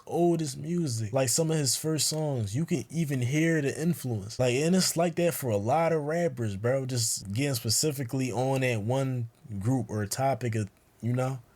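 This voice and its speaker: A young man rambles through his thoughts straight to the viewer in loose street slang. His voice sits at an ordinary middle pitch, and he keeps circling back with quick asides while he reasons things out. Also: darkish tone. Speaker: YouTuber. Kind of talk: casual vlog monologue.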